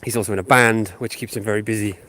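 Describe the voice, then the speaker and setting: This man has a sniffly head cold from a sinus infection and rambles live to his viewers, um-ing a lot, as he walks his dog through a housing estate with his phone in hand. His voice is on the low side with fairly even intonation, racing along, and the sound is pushed and bright.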